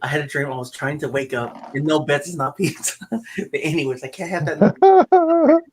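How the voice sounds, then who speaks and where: A middle-aged man hosting a casual chat. He tells stories in an animated way, getting loud and excited, then dropping to mutters. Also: mid-range voice, brisk, crowd noise, poor audio. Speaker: livestream host.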